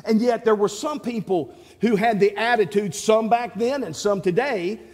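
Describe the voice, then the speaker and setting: A middle-aged man preaches to his congregation in a fairly high voice. He is emphatic, doubles back on his words and asks the room direct questions. His voice rings out with a long reverb, as in a church sanctuary. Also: normal speed, darkish tone. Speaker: pastor. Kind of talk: sermon.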